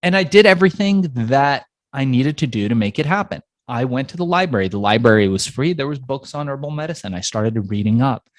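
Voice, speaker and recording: A man's voice: medium pitch, dry recording. A man being interviewed, telling a story from his past with energy and acting out the voices of people in it. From Iran. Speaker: entrepreneur guest.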